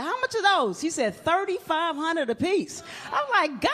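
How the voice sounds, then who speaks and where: A woman's voice: very high-pitched, very animated, measured pace, few pauses, fairly bright tone. A woman doing a stand-up comedy set on a club stage, brash and playful, acting out little scenes. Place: comedy club stage in front of a live audience. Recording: live club recording with crowd laughter and noise.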